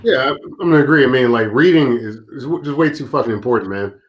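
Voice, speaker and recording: A man of middle pitch talking in an easygoing, slangy manner during a casual group chat. He speaks as one of the regular hosts, relaxed and informal. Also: fast. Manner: laid-back, slangy, says bro and dude.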